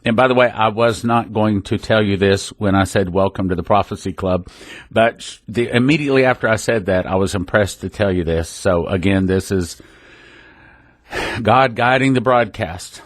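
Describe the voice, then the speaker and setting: A man's voice: on the low side, moderate pace, dry recording. A man hosting a religious radio program, talking in a folksy, rambling way that often breaks off and restarts. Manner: folksy, rambling, self-interrupting. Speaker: radio ministry host. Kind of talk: casual religious radio talk. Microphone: studio microphone.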